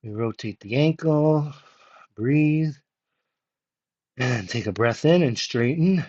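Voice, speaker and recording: A man leading a yoga workout with calm, encouraging step-by-step cues. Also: medium pitch, slow, husky. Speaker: yoga instructor. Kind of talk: guided workout instruction. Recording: slightly muffled, lo-fi audio.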